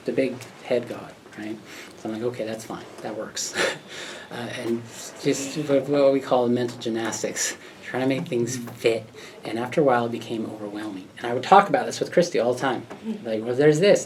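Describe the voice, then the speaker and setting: An American man recounts his story to an audience gathered in a pub. He is animated, laughs often and acts out the voices of other people. The recording picks him up from a distance, with a faint hum of the room behind him. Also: medium pitch. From United States. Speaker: speaker at a talk. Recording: distant mic with faint background noise.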